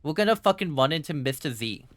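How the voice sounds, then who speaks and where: This man's voice is a little high, carrying a faded German accent. He streams games live, commenting with excitement, plenty of swearing, and quick bursts of laughter.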